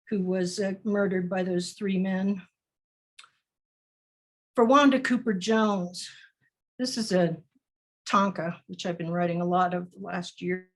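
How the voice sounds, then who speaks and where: A woman poet reading her poems aloud over a video call in a slow, deliberate recitation with measured pauses. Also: mid-range voice. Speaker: featured poet. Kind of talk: poetry reading.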